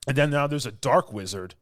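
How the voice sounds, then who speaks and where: A male podcast co-host with a medium-pitched voice, recorded in studio quality with no echo. He rants through a casual chat, exasperated, mimicking people mockingly and airing blunt complaints.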